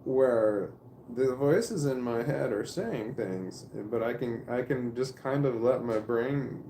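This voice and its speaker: A man talking casually to camera in a rambling, halting way, with restarts and swearing. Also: mid-range voice, warm tone, a little hiss or hum. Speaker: vlogger. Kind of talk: casual spoken monologue to camera. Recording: roomy echo.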